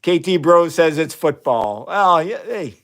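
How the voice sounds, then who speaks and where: This man speaks at a fairly high pitch, animated and a touch slow, with a slightly bright tone and a Midwestern accent. He's hosting a casual science live stream from his home chemistry lab indoors, rambling amiably and responding to viewers' chat comments. He talks into a phone camera that gets flipped around during the stream.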